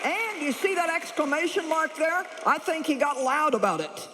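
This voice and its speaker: A woman's voice: high-pitched, lively intonation, moderate pace, background noise. Brief: candid, punchy woman preacher, live in a big echoing hall. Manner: blunt, humorous, chuckles often. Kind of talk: lively sermon. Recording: echoey large hall.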